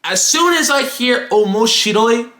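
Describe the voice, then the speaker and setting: A young man rants through a comic storytime, animated and profane, with exaggerated emphasis. His voice is high and bright and leaps around in pitch. The sound bounces around an echoey room. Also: moderate pace. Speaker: YouTuber. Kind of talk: comedic storytime rant.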